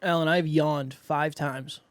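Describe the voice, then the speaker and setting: A man co-hosting a podcast in casual chat, relaxed and chatty with a self-deprecating tone. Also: on the high side, slow pace, clean tone, dry recording. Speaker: podcast co-host.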